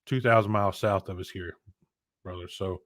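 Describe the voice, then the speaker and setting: Man, podcast co-host, low voice, dry sound, rambling, animated rants. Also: moderate pace, no room sound. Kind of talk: casual chat.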